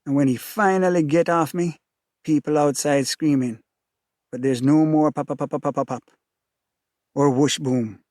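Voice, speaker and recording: A man with a Jamaican accent reads in a rhythmic, repeating cadence with a somewhat high voice. The sound is close and dry, with no room to speak of. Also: steady tone, normal speed, long pauses, darkish tone, no room sound. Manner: rhythmic, repetitive, intense. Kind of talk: dramatic reading of a novel in first person.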